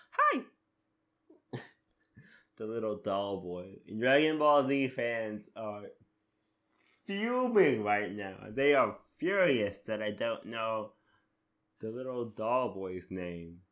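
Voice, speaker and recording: A man's voice: on the low side, a bit bright, highs cut off. A man hosting a solo podcast, rambling and amused at himself in casual chat. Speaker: podcast host.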